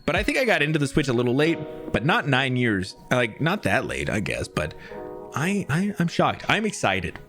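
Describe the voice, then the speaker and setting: A man's voice: medium pitch, wildly swooping pitch, moderate pace, fairly bright tone, soft background music. A man reacting casually to gaming news on a live stream, rambling, swearing and talking to his chat.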